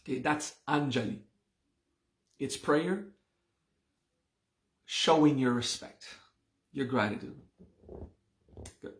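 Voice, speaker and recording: A man explains ideas at an unhurried, deliberate pace, pausing to check that his listeners follow. His voice sits in a mid range and carries a noticeable roomy echo, as if recorded in an open space. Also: medium pitch. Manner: slow, patient explaining with frequent "okay?" checks. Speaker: meditation and mantra teacher. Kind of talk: live online class explanation.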